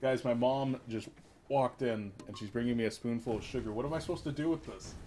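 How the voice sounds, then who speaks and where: Fairly quick and medium-pitched, this young man casts a video game match alone from a room in his mother's home, hiccuping as he goes. His solo play-by-play is chatty and self-deprecating, punctuated by bursts of excitement on plays, with slight background noise.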